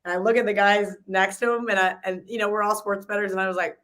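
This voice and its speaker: A woman's voice: mid-range voice, steady tone, fast, fairly bright tone. A woman hosting a casual sports betting chat, telling rambling stories in a conversational way. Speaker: sports betting show host.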